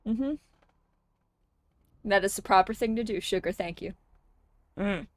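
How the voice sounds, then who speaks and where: A woman's voice: medium pitch, a little slow, no room sound. A woman streaming a game live, chatting casually with chat and ranting with plenty of swearing. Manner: profane, ranting, greets chat.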